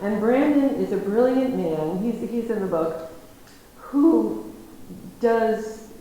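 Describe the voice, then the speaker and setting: A woman with a mid-range voice gives a storytelling lecture in a very echoey room, with a faint hiss underneath. She's lively and animated, acting out conversations and laughing easily.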